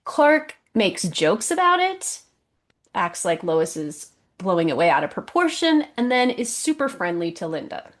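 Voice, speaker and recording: A woman's voice: medium pitch, very animated, measured pace. A woman podcast co-host in casual chat, thoughtful and playful.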